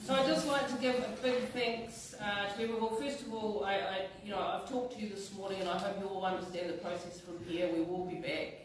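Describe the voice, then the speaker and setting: A man giving closing remarks as a hearing commissioner, halting, with many fillers. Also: sits high, fairly even intonation. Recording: echoey hall from far off with noise.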